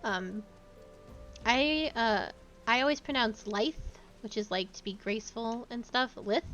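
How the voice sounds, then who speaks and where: A woman's voice: fairly high pitch, a little slow, a bit bright, muffled recording, soft background music. A woman streamer chatting casually and laughing easily as she tells rambling stories while playing. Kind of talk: casual game-stream chat.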